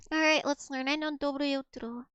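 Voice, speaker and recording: A woman's voice: high-pitched, steady tone, moderate pace, a bit bright, dry recording, highs cut off. A young woman streaming casually, giggling and repeating practice words over and over as she learns to pronounce them.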